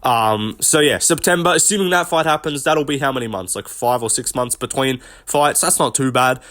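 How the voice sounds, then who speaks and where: A young man giving casual commentary on a tier list, rambling, thinking out loud and swearing often. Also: mid-range voice, normal speed. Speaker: host, MMA commentator.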